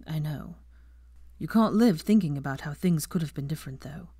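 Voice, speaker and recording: A woman voicing a grown man, a gentle wizard, in a lowered, hushed, tender voice. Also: expressive, moderate pace, breathy edge, no room sound, studio quality.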